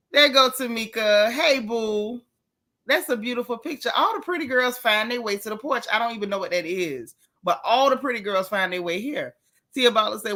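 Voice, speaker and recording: Lively, bright-voiced woman livestream host. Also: medium pitch. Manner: lively, greets viewers by name. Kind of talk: casual livestream chat.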